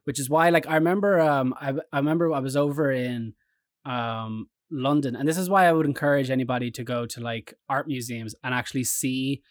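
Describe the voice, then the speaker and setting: An Irish man telling rambling anecdotes in casual chat, jumping into animated quoted voices. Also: medium pitch, brisk, dry recording, clean studio sound. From Ireland.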